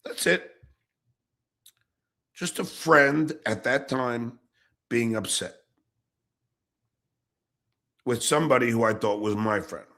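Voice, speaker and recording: A middle-aged man hosting his own podcast, ranting angrily and profanely, jumping between shouts and low mutters. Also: slow, creaky, pauses often. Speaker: podcast host. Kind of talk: angry ranting monologue.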